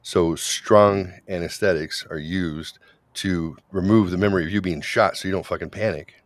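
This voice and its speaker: A man's voice: low-pitched, fairly even intonation, normal speed, no echo. A man from Wyoming, a guest on a talk show, speaking bluntly and swearing freely. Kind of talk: casual chat.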